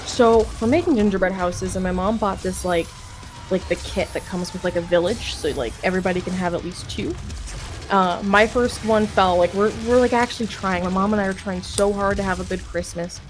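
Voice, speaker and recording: A woman's voice: mid-range voice, brisk, soft background music. Young woman rambling through a story. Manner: rambling, filler-heavy, swears freely, laughs often. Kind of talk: casual chat, telling a family story.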